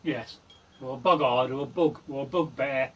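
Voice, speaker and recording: A man's voice: medium pitch, moderate pace, fairly bright tone, breathy edge, lo-fi sound. Hesitant man heard from a distance. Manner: hesitant, repeats words, agreeable. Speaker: vlog co-host. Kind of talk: casual chat.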